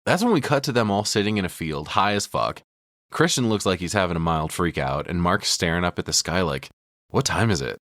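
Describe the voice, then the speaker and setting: A man's voice: low voice, lively intonation, fairly quick, fairly bright tone, dry recording, clean studio sound. A man co-hosting a podcast, casually recapping a film scene by scene, profane, slipping into quoted lines. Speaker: podcast co-host. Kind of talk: casual movie recap chat.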